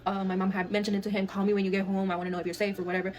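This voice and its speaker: A young woman from Texas telling a wild family story in a fast, profane, animated way, acting out the dialogue. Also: medium pitch. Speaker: guest storyteller. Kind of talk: casual storytelling.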